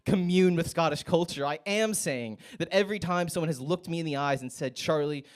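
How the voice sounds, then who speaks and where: Wry American man doing stand-up. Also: brisk. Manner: wry, self-mocking delivery with sudden high yelps. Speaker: stand-up comedian. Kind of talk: stand-up set. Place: comedy club stage.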